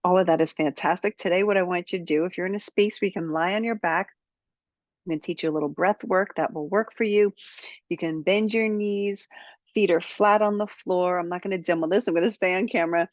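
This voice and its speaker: A woman's voice: on the low side, steady tone, brisk, no room sound, lo-fi sound. A woman who coaches public speaking, giving an upbeat, direct tutorial to camera.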